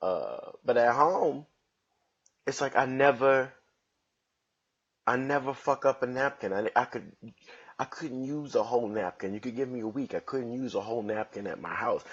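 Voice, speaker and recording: A man's voice: medium pitch, breathy edge, highs cut off. A man hosting his own comedy podcast at home, joking around in loose slangy street talk. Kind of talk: casual solo podcast monologue.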